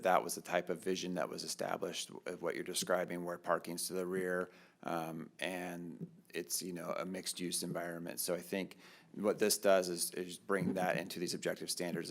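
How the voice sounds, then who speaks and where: A man's voice: low voice, gravelly. A man on a city's staff patiently explaining plans at a public council meeting, with frequent fillers. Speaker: city staff member.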